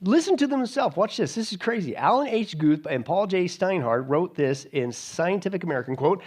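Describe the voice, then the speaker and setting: A man's voice: fairly high pitch, animated, a little fast, few pauses, a little mellow. A male pastor preaching an emphatic sermon with sarcastic, mocking asides.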